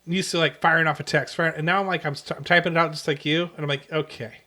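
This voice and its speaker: Man, podcast host, casual chat, bright ringing tone, fairly high voice, laughs a lot, sarcastic asides. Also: steady tone, rapid-fire. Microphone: podcast mic on a phone-call episode.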